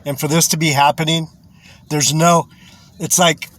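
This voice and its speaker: A man's voice: fairly high pitch, little pitch movement, normal speed, a bit bright. A man giving rambling religious commentary, chuckling often, repeating himself and swearing.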